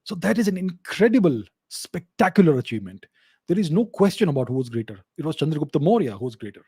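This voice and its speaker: A man hosts a solo question-and-answer show, speaking casually but with firm, emphatic certainty. His voice sits somewhat high yet sounds mellow and dark in tone. The recording is dry and close, with no room sound. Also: big pitch swings, fast, breathy edge, dry recording. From India. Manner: assertive, emphatic, repeats points for stress. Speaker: host answering viewer questions.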